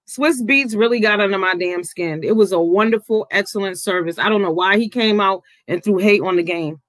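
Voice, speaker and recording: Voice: mid-range voice, fairly quick, few pauses, a bit bright, dry recording. A vlogger giving outspoken, casual commentary, swearing freely, with the voice jumping up when riled.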